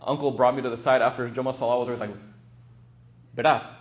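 A young man and religious teacher giving a casual storytelling talk in a lively, animated way. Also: medium pitch, very fast.

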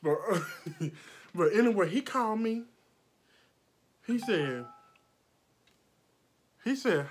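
A woman makeup artist telling a storytime vlog indoors under bright lights, blunt and profane, acting out every quote and sweating from the heat. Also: medium pitch, lively intonation, slow, long pauses, a little hiss or hum.

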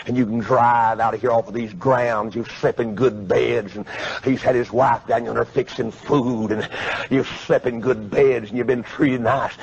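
A man preaching a revival sermon, swinging from quiet pleading to shouting. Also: mid-range voice, vocal fry. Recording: muffled lo-fi sermon tape.

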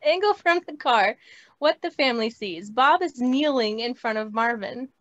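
Woman reading stage directions, high voice, dry muffled lo-fi call audio. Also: normal speed. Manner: plain, steady reading. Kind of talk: script table read. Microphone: video call.

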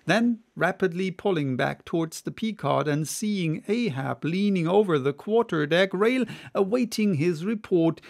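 A man reads a classic sea novel aloud as an audiobook, taking it unhurried and expressive. His voice is fairly high with a gravelly, creaky texture. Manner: measured, expressive reading. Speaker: audiobook narrator. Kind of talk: unabridged audiobook reading.

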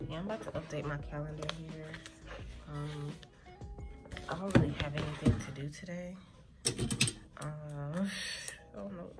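A woman's voice: low voice, measured pace, long pauses, over loud music. A young woman, rambling in a laid-back way as she vlogs from her classroom. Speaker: vlogger and teacher. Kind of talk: casual chat.

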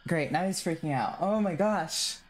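A man's voice: fairly high pitch, expressive, moderate pace. A man streaming a horror game, chatting in a rambling, self-mocking way and breaking into screams and laughter when scared. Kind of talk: live game commentary.

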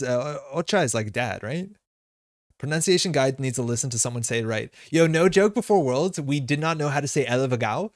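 A man from North America chats loosely with his live-stream viewers, rambling and correcting himself as he goes. His voice sits at an average pitch. The sound is dry and close, with no room around it. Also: dry recording. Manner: rambling, chatty, with frequent fillers and self-corrections. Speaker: streamer playing a card game live. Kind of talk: casual live-stream chat reading viewer comments.

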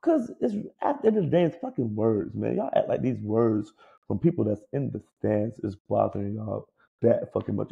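A man co-hosting a casual sports podcast, ranting in a profane, animated way. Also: on the low side, moderate pace, gravelly, slightly rough, dull audio. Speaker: podcast co-host.

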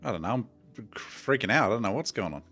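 Middle-aged man, Australian accent, horror game let's play, jumpy, chatty, somewhat low voice. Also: sing-song, fast, fairly bright tone, soft background music. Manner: jumpy, chatty, swears mildly, talks to viewers as "boys". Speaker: gaming YouTuber.

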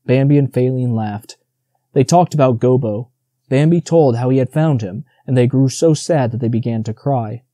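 A man reading a storybook audiobook aloud in a steady, measured narration. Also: mid-range voice, dry recording, clean studio sound.

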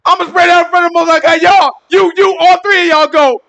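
Anxious king barking frantic orders, very high voice; a preacher puts him on. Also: steady tone, fast, dull audio, exaggerated voice. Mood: panicked. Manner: frantic, shouting. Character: panicking King Hezekiah, anxious leader.

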